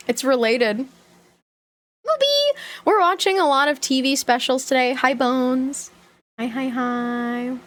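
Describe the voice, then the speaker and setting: A woman's voice: high voice, fairly bright tone. A young woman streaming live, chatting casually, giggling and greeting viewers by name. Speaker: livestreamer.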